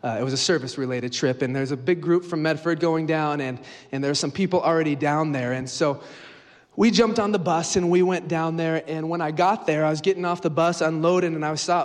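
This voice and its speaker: A man's voice: mid-range voice, a little fast. Man preaching in a reverberant hall. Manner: storytelling, acting out dialogue with rising energy. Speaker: guest preacher. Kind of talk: sermon.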